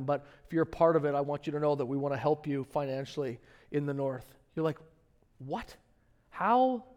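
Animated pastor preaching. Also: male voice, smooth. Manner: conversational storytelling, animated rises in pitch and volume. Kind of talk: sermon.

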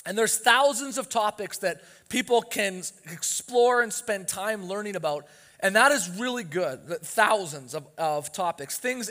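A man's voice: high voice, sharp tone. A pastor preaching a sermon to his church, earnest and emphatic, his voice rising with urgency on key points. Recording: long reverb of a church hall.

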